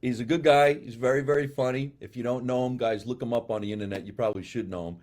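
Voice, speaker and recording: A man's voice: medium pitch, fairly even intonation, fast talker, a little mellow. A man from the Bronx with a New York accent, hosting a casual live comedy show and reading out viewer comments. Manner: loose, laughing banter, reads viewer comments aloud. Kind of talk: casual live-stream chat.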